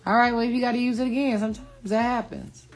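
A middle-aged woman in casual chat to camera, relaxed and slangy, bantering playfully with her daughter. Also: on the high side, fast. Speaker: vlogger and mother.

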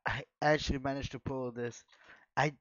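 An excitable man talks his viewers through a card pack opening, calling them "guys" between exclamations. His voice sits at an ordinary middle pitch. The recording is dull and lo-fi, with a dry, close sound. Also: normal speed, dry recording. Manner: chatty, keeps addressing viewers as guys. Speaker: trading card pack opener. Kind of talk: casual unboxing chat to viewers.

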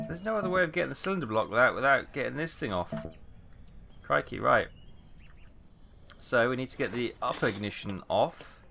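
A man's voice: medium pitch, animated, a little fast, gravelly, pauses often. A Welsh man casually chatting and muttering through a simulator game as he plays, with a run of British exclamations. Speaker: gaming video host. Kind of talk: casual let's play commentary.

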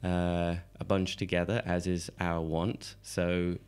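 Hoarse man, croaky deep voice. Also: little pitch movement, slow pace, darkish tone. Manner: joking, laughs often, rambling asides. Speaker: podcast co-host. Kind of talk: casual podcast chat.

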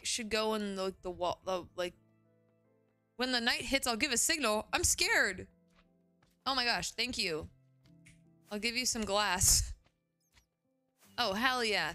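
A young woman streaming a game, chatting casually and gushing with excitement, often exclaiming and swearing. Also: mid-range voice, no room sound. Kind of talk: casual live gaming commentary.

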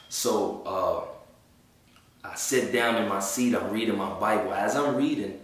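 Man, low voice, casual slangy testimony, distant mic in a roomy echo. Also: slow. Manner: casual, slangy, acts out quoted speech. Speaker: person giving a religious testimony. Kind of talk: personal testimony storytelling. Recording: echoey room, voice far from mic.

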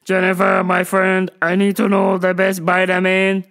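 A woman imitating an odd male customer who speaks slowly, loudly and in stilted, formal sentences. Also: sits high, completely flat delivery. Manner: slow, stilted, overly formal.

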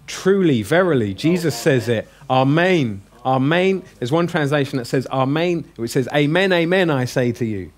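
A man's voice: mid-range voice, animated, moderate pace, hardly any pauses. A man teaching a classroom language lesson, joking and coaxing his students with questions.

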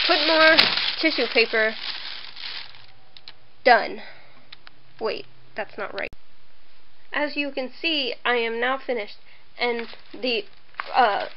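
A late-teen girl with a high voice vlogs at home indoors, rambling, laughing at herself and using lots of filler. Her webcam gives dull, noisy lo-fi audio for this casual, self-deprecating chat.

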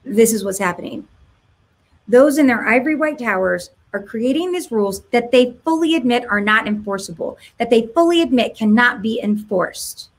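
A woman's voice: fairly high pitch, animated, normal speed. A woman giving an impassioned monologue to camera, mocking, firing rhetorical questions and doing voices. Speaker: political commentator.

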